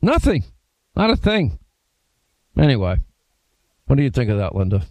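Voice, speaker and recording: A man hosting a talk radio show, telling stories and acting out quotes in an animated way. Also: medium pitch, normal speed, dry recording. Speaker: radio host. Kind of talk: casual talk show banter.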